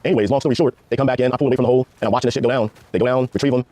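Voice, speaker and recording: Fast-talking man, dark dry voice. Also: mid-range voice, steady tone, no room sound. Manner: rapid, profane, laid-back war storytelling. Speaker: guest, former Army Ranger. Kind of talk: casual storytelling interview.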